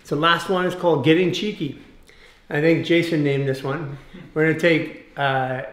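A man leading a guided fascia exercise class, giving calm step-by-step cues and explaining as he goes. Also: fairly high pitch, normal speed. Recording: roomy echoey room.

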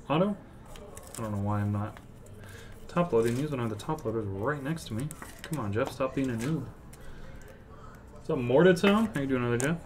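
A man's voice: mid-range voice, expressive, normal speed, long pauses. A man hosting a sports card box break, casually reading off player names and chatting to viewers.

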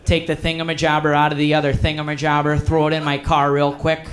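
A man's voice: fairly high pitch, monotone, fast, close to an everyday voice. A middle-aged small-town uncle with a thick Wisconsin accent, folksy and sure of himself, as a man puts him on. He rambles on and keeps calling out names in a raised, eager voice. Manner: folksy, repeats name, long-winded.

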